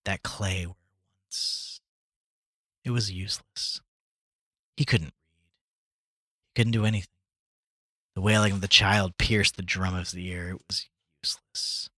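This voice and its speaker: Expressive man reading a story aloud. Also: deep voice, unhurried, long pauses, no room sound, studio quality. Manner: expressive, voices the dialogue dramatically. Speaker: podcast reader.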